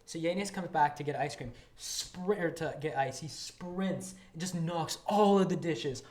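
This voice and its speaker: A podcast co-host telling a story in casual chat, acting out what coworkers said in lively quoted voices. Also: medium pitch, measured pace. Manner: animated, acts out what coworkers said. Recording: echoey room with steady noise.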